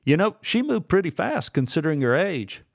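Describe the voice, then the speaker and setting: Man doing a brash, shouting young actor. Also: on the high side, sing-song, normal speed, creaky, no room sound, clean studio sound, pitched above the performer's own voice, heavily acted. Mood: cocky. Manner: shouting, taunting, cocky. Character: brash young male college actor, menacing.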